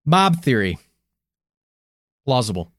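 Lively, joking male podcast co-host. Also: medium pitch, slow, dry recording, studio quality. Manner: verdict-giving, joking, swears, laughs. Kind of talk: casual conspiracy podcast chat.

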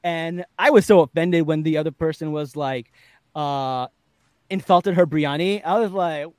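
Male podcast host, upper-middle pitch, dry close sound, lively storyteller. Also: normal speed, dry recording. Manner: animated storytelling, laughing often, acting out quotes. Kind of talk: casual chat, recapping a TV episode.

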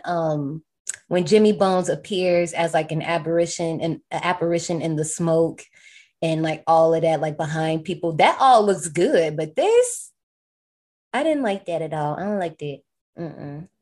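A woman's voice: fairly low pitch, a little slow, a little mellow. A woman co-hosting a podcast, recapping a horror film in a casual, slangy way and laughing often. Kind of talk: casual chat.

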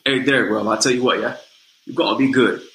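An assured, encouraging British movie star talks in a thick, laid-back British accent, as a man puts him on. The voice is bright and pushes forward. The sound bounces around an echoey room. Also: mid-range voice, fairly even intonation, quick pace, a little hiss or hum, lightly acted.

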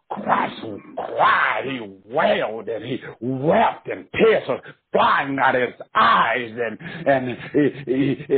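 Impassioned preacher on a tinny line. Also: male voice, mid-range voice, husky. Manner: impassioned, rising to cries and chanted repetition. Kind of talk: sermon. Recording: tinny phone-line sound.

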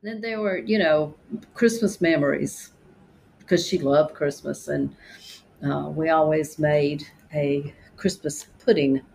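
An older woman recalls family memories in a fond, halting way, often restarting her sentences. Her voice has a gravelly, creaky edge, and faint noise hums behind it. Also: low voice, fairly even intonation, a little mellow, poor audio. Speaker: interviewee, daughter of the subject. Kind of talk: reminiscing interview.

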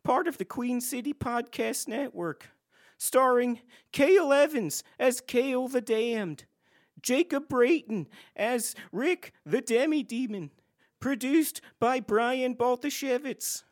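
A woman's voice: a little high, takes it slowly. A woman reading a comedy podcast's end credits, stumbling over a guest's name and laughing.

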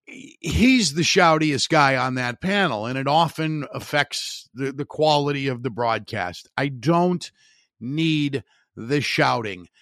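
Blunt, opinionated sports podcast host. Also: male voice, mid-range voice, lively intonation, takes it slowly, fairly bright tone, no room sound, studio quality. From Chicago area. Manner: opinionated, blunt and wry, with frequent restarts. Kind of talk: sports talk monologue.

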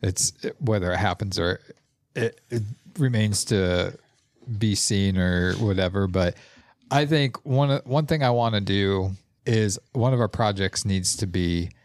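A man's voice: deep voice, dry recording. A man co-hosting a podcast about songs, chatting casually and rambling through his ideas. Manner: rambling, with restarts. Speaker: podcast co-host. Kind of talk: casual chat.

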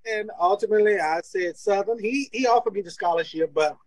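In a high, fairly quick voice, a Louisiana man who once played college football shares stories as an interview guest. Animated and laughing a lot, he acts out quoted dialogue, though the audio is dry and poor.

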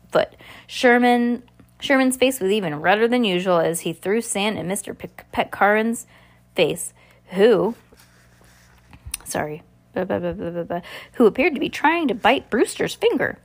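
A woman casually reading a novel aloud, stumbling over words and restarting, with muttered asides. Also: mid-range voice. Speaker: reader.

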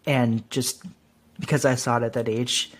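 A man's voice: medium pitch, flat delivery. A man co-hosting a podcast, chatting casually and agreeably. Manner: easygoing, agreeable, quick affirmations. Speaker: podcast co-host.

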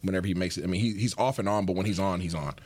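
A man giving football analysis on a sports talk show, teasing and relaxed. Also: low voice, racing, slight background noise.

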